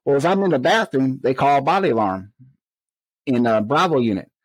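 Middle-aged guy telling prison stories on a podcast, lively, plain mid voice, dry sound. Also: mid-range voice, brisk, dry recording, low-quality recording. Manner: animated storyteller who acts out quoted exchanges. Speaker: interview guest, correctional officer. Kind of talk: storytelling in a podcast interview.

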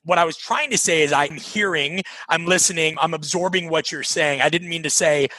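A man from Nebraska, a coaching author, telling stories in an energetic, emphatic interview style and acting out quoted dialogue. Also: a little high, fairly quick, no room sound, poor audio. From Nebraska, USA. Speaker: coaching author and podcast guest. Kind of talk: conversational interview storytelling.

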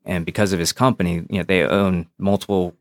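A man's voice: low-pitched, flat delivery, brisk, no echo, clean studio sound. A man and former police officer telling his own story on a podcast, frank and profane, acting out past conversations. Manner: frank and profane, re-enacts dialogue. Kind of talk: candid personal storytelling.

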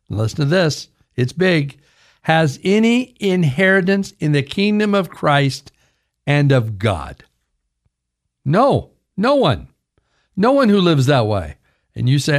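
A man's voice: fairly high pitch, expressive, measured pace. An older man, a pastor, preaching a sermon with emphatic delivery, often calling his listeners "folks". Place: radio broadcast.

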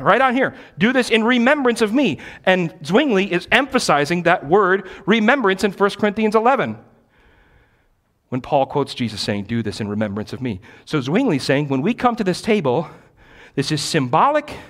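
A man's voice: on the high side, a bit bright. A male pastor giving a teaching sermon in a church. He speaks emphatically and repeats key phrases for stress.

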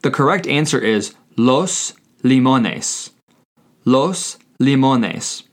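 A man teaching a scripted language lesson, speaking deliberately and spelling words out letter by letter. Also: medium pitch, lively intonation.

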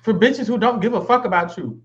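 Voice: medium pitch, brisk, lo-fi sound, slight background noise. A podcast co-host in casual chat who is blunt and emphatic and repeats points for weight. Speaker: reality show recap co-host.

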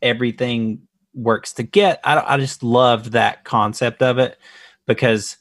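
A man shares his thoughts on a film in an earnest, measured way, as one of the hosts of a casual podcast. His voice sits at an ordinary pitch and sounds dry and close to the mic. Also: fairly even intonation, a bit bright, no room sound. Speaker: podcast co-host. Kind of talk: casual film review chat.

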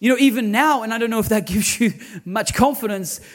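A man's voice: high voice, fairly quick. A man, preaching a sermon as lead pastor, telling stories animatedly with quoted dialogue.

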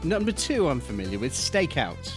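A man's voice: mid-range voice, big pitch swings, normal speed, music in the background. A British man co-hosting a podcast in casual chat, teasing and jokey. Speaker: podcast co-host.

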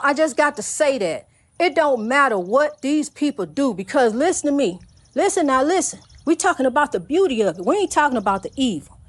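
A woman's voice: extremely high pitch, fairly bright tone, dry recording. A woman minister preaching with fervent, repetitive calls, often calling the listener "honey". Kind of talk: preaching monologue.

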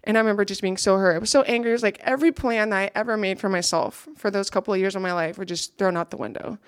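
A woman's voice: medium pitch, fast talker, no echo, clean studio sound. A young woman giving an earnest, reflective personal testimony to a gathering, now and then checking her notes.

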